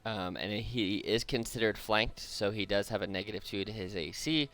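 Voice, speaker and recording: A man's voice: on the low side, moderate pace, a bit bright. A man as dungeon master, narrating the action and ruling on rolls in an easygoing way, laughing often. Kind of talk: running a tabletop game online.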